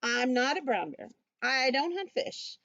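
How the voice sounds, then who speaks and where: A woman's voice: high voice, very animated, a little slow, vocal fry, pushed and bright, dry recording, dull audio, heavily acted. A woman voicing a grumpy male koala who is fed up with being called a bear, reading it aloud from a storybook in an indignant, complaining way.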